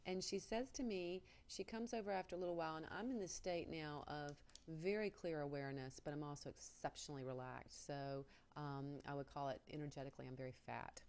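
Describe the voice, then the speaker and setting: A woman's voice: deep voice, a little mellow, a little hiss or hum. A woman guest telling a personal story on a talk show, earnest and candid with self-mocking humor.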